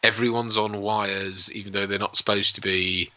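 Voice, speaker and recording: A man's voice: fairly low pitch, level tone, normal speed, sharp tone. A man co-hosting a casual film watch-along, rambling and chuckling as he talks, on a lapel mic. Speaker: podcast co-host.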